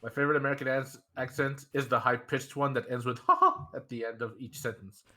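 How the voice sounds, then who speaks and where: A man's voice: medium pitch, fast talker. A man whose first language is not English, asking questions in a casual podcast chat. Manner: lively, asks questions. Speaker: podcast co-host.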